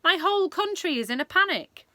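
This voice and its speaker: A woman's voice: very high-pitched, expressive, brisk, sharp tone, no room sound, voice pushed up, heavily acted. A woman voicing an agitated, testy king on the telephone in a storybook reading. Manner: agitated, indignant. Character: flustered, testy male king.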